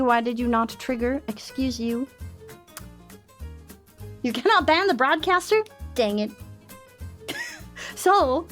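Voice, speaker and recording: Casting: upbeat young woman streamer, high voice, self-mocking chatter, faint music underneath. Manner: bubbly and self-mocking, laughs often. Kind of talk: casual chat.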